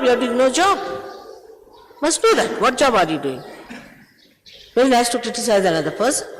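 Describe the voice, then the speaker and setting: A woman gives a spiritual talk, sternly scolding her followers. Her pitch swings widely from phrase to phrase. The recording rings with the long echo of a large hall. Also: a little hiss or hum. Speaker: spiritual teacher.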